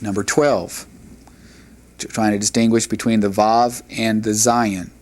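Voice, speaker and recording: A man teaching a Hebrew reading lesson, sounding out practice words one at a time with long pauses and stopping to correct himself. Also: on the low side, little pitch movement, a little mellow.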